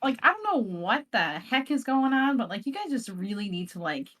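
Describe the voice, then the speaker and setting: A woman's voice: fairly high pitch, very animated, moderate pace, fairly bright tone. A young woman rambling playfully while roleplaying in a tabletop game, full of fillers. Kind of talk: casual in-character roleplay chat.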